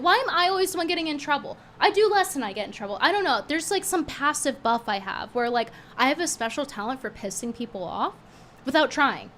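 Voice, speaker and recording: This streamer, a woman, gives casual commentary full of sarcasm and animation, getting indignant to the point of slight hoarseness. She has a high, expressive, somewhat bright voice and a brisk pace, with a little hiss or hum behind her.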